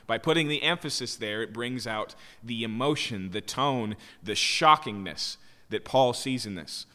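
A man's voice: medium pitch, measured pace, bright, forceful tone. A man preaching a sermon as pastor, explaining with emphasis and rhetorical "right?" questions. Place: church sanctuary. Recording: long reverb of a church hall.

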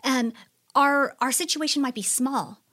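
Higher-voiced middle-aged woman storyteller. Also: unhurried. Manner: warm storytelling, many fillers. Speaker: podcast co-host. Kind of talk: casual faith podcast chat.

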